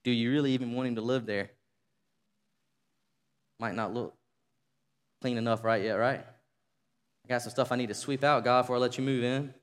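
A man preaching a sermon to a congregation, rising to fervent shouting and leading call-and-response. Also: mid-range voice, steady tone, normal speed, pauses often, clear, resonant tone. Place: church sanctuary. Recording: long reverb of a large hall.

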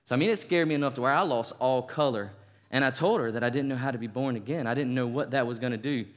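Guy preaching a sermon, animated storytelling, big echoey hall, mid voice. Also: mid-range voice, quick pace. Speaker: pastor.

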